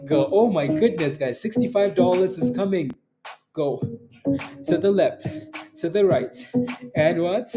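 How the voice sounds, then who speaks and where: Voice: medium pitch, moderate pace, over loud music. A day-trading livestream host giving live market commentary, cheering a rising stock with repeated exclamations and often laughing while answering viewers' chat.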